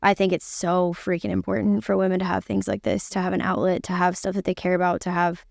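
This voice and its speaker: Lively woman podcast host, dry close mic. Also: fairly low pitch, vocal fry, no echo. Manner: animated, enthusiastic, talks in quick bursts. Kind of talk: casual chat.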